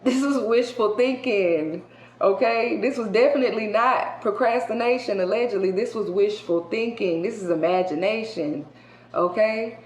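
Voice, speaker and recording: A woman chatting through a tarot reading in a loose, colloquial way, her voice at a middle pitch. She punches some words loudly and drops others to a near whisper. The room echoes around her, with a faint hiss underneath. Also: normal speed. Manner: colloquial and emphatic, swinging between loud outbursts and hushed asides. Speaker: tarot reader. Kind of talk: casual tarot card reading to viewers. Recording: roomy echo with faint background hiss.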